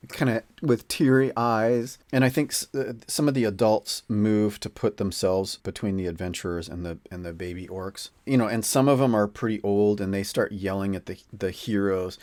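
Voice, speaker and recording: A man's voice: on the low side, moderate pace, hardly any pauses, darkish tone, no echo. A man narrating a solo tabletop game as game master, casual and rambling.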